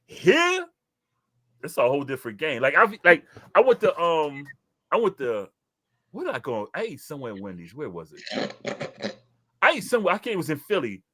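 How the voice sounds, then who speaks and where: A man from New York, older, co-hosting a casual chat and telling stories loudly with sudden high jumps in his voice. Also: fairly quick, pauses often, no echo, clean studio sound. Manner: loud, animated storytelling with sudden high jumps. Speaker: co-host.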